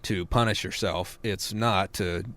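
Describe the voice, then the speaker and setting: A man's voice: deep voice, steady tone, measured pace, fairly bright tone, dry recording. An American man, a parenting author, answering a radio interviewer in an earnest way that builds to emphatic peaks.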